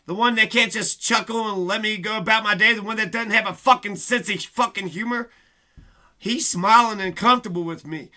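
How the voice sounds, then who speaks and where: A man's voice: high-pitched, fairly quick, bright, forceful tone. A man delivering a rambling, profane, aggrieved monologue as a vlogger. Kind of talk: casual ranting monologue.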